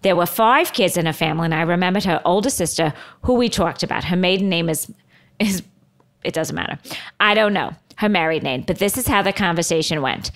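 A woman's voice: lowish voice, lively intonation, fairly quick. A woman putting on a Boston accent to read a chatty older woman's gossipy letter aloud. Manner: gossipy, conspiratorial.

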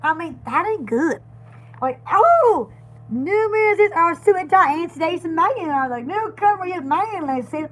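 A woman's voice: very high voice, expressive, normal speed, a bit bright. A woman hosting a live sale, chatty and giggly, stumbling and repeating words. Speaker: live-stream seller. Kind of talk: casual live sale chat.

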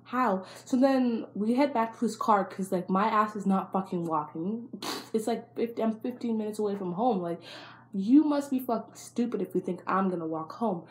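A woman's voice: medium pitch, normal speed, darkish tone. A young adult woman telling a storytime vlog in a blunt, profane and exasperated way. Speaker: vlogger.

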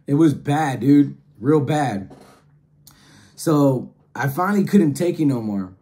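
Slangy man with a mellow voice. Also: a little high, takes it slowly. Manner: slangy, animated, acts out quoted voices. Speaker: storyteller host. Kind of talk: casual storytelling.

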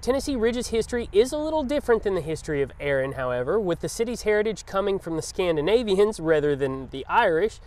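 Male vlog host, high-pitched, walks viewers through rural towns outdoors. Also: lively intonation, quick pace, few pauses, a little mellow. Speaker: real estate vlog host. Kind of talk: scripted tour narration. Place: outdoors in a small town.

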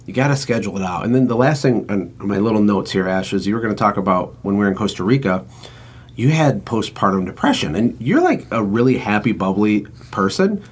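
A man hosting a podcast, an entrepreneur talking in an energetic, emphatic, motivational way. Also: lowish voice, a little fast, husky. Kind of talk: casual chat.

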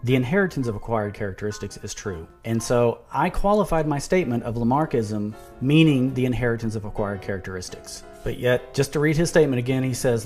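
A man's voice: medium pitch, expressive, brisk, hardly any pauses, darkish tone, soft background music. A man in an argumentative video monologue who reads quotes aloud, restarts words and turns sarcastic. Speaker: video commentator.

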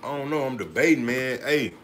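A man's voice: mid-range voice, lively intonation, brisk. A man bantering in a laid-back, joking way in a home kitchen beside his partner, who hosts the video. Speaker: host's partner. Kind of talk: casual banter. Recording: noisy home recording.

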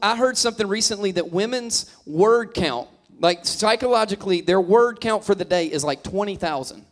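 A man's voice: high voice, moderate pace. A man in his thirties, a pastor, preaching a humorous sermon and teasing the congregation as he tells stories. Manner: joking, teasing storyteller addressing the crowd.

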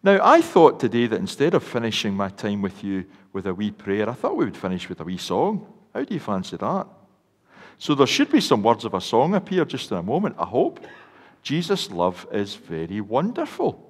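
A man's voice: fairly low pitch, huge pitch swings, moderate pace. An older Scottish man, a minister, giving a children's talk in church, telling stories and asking the children questions. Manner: warm storytelling to children, asks them questions. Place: large church. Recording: long church reverb.

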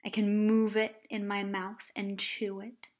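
A woman teacher explaining a lesson to children in a lively, animated way. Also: medium pitch, measured pace. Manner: animated, acts out examples in different voices.

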